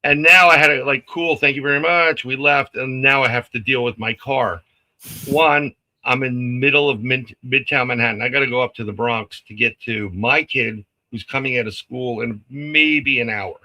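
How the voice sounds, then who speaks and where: A man's voice: medium pitch, moderate pace, poor audio. A man casually telling a story on a live stream, acting out the lines of people in it and laughing often. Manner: animated, acts out quotes, laughs often.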